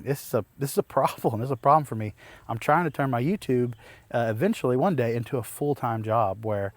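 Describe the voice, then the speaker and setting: A man's voice: medium pitch, no room sound. A man, possibly in his thirties, casually telling a personal story to the camera as a homesteading vlogger, rambling and restarting as he relives an exasperating ordeal. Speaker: homesteading YouTuber.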